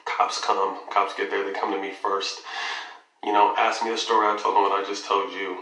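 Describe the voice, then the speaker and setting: A guest recounts a long personal story in a casual, animated way, cursing freely and acting out the quoted dialogue. His voice is fairly low and moderately paced, but the audio is poor, with reverb and a mic placed far away.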